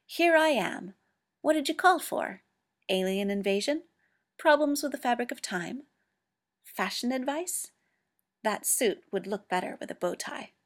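A woman's voice: mid-range voice, normal speed, few pauses, natural voice. A woman doing the Doctor, bouncy and nosy. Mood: playful. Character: eccentric excitable male time-traveling alien genius.

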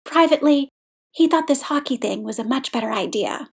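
Woman narrating a story, slightly high. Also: lively intonation, fairly quick, vocal fry, slightly rough. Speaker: audiobook reader. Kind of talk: scripted narration.

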